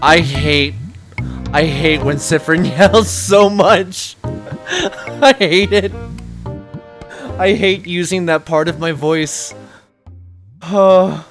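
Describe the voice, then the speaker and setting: A man's voice: a little high, very slow, pauses often, a bit bright, faint music behind. A man streaming a story game, chatting casually and laughing to his viewers during a break. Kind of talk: casual chat.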